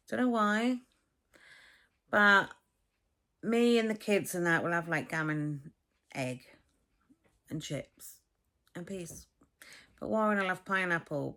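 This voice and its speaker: A woman's voice: mid-range voice, fairly bright tone. A middle-aged Englishwoman, chatting to her phone camera in a blunt, swearing, casual vlog. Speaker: vlogger.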